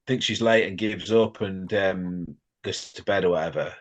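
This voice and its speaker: A man's voice: deep voice, normal speed. A man co-hosting a podcast, casually running a quiz for his friend and calling him mate. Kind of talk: casual chat.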